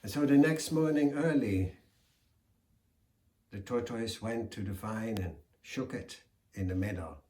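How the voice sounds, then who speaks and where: Low-voiced man telling a folk story slowly, echoey room. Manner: slow, deliberate, expressive.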